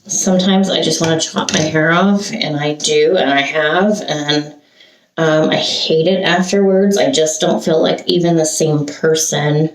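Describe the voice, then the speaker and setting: A woman's voice: deep voice, fairly even intonation, unhurried. An older woman from Santa Cruz, California, vlogging as she gets ready and talking in a rambling, emotional way with sighs and restarts. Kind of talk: get-ready-with-me chat. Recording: roomy echo, heard from a distance.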